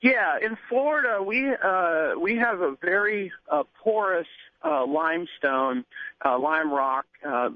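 A man calling in as an expert guest on a radio show, speaking haltingly with many fillers. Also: sits high, expressive, dry recording. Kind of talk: phone-in interview. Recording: tinny phone line.

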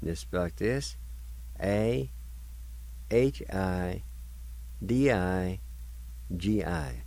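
A male radio host giving a slow, deliberate vocabulary lesson, spelling each word letter by letter and repeating it several times. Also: sits low, expressive, a little mellow, low-quality recording.

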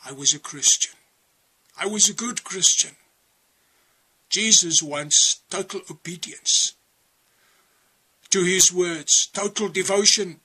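South African male preacher, husky and bright, slow earnest warnings with hushed drops. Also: high-pitched. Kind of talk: testimony sermon.

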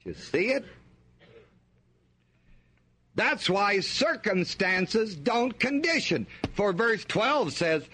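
Male preacher, sermon delivery, slow and emphatic, asks the congregation to fill in the words. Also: high-pitched, very animated, sharp tone, husky. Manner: emphatic, call-and-response questions to the congregation.

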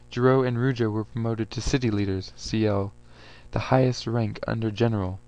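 A man reading his own science fiction story aloud in a plain, even manner, with an occasional small slip. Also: fairly low pitch. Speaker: narrator.

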